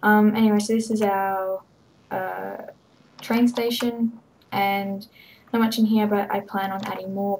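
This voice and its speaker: A woman's voice: mid-range voice, flat delivery, measured pace, a little mellow, a little hiss or hum, rough recording. A woman giving a rambling, hesitant walkthrough of her game server, full of ums and little laughs. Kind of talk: casual game walkthrough commentary.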